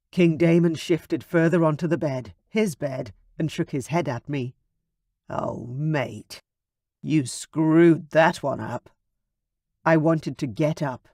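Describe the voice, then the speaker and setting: A man narrating a first-person paranormal romance audiobook in a slow, steady way. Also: a little high, no echo, studio quality.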